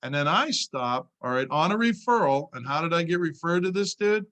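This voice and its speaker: A man's voice: on the high side, lively intonation, brisk, a bit bright. A man training insurance agents, telling a client story in a casual way and often checking in with "all right.".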